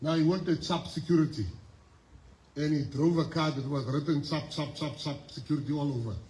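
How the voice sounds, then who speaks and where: A man's voice: on the high side, darkish tone. South African man speaking in an echoey hall. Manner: emphatic storytelling with repeated phrases and pauses. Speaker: guest speaker at a school. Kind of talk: motivational speech. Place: school assembly hall. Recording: echoey hall with faint ambience.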